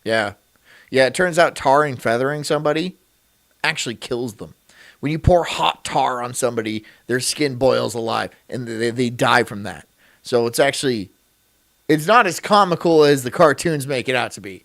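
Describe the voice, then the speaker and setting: A man's voice: mid-range voice, normal speed, vocal fry, fairly bright tone. A man streaming, chatting casually in a crude, rambling way and laughing often.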